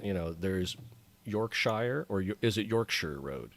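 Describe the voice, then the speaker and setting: A man co-hosts a podcast in easy, joking banter. His pitch moves about in a lively way as he plays along. The mic is close and dry. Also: a little slow, gravelly, no room sound. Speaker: podcast co-host. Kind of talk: casual chat.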